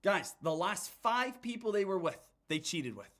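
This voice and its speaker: A man's voice: high-pitched, sing-song, measured pace, a bit bright. A man giving emphatic stock market commentary, repeating phrases and calling his viewers guys and team. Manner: repetitive, hype-driven, addresses viewers as guys and team.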